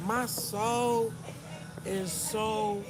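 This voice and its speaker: A woman's voice: fairly high pitch, fairly even intonation, very slow, music in the background. A middle-aged woman, talking candidly and emotionally to her live-stream viewers in a corner store. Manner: candid, emotional, talks to chat and shop staff. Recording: noisy store with traffic.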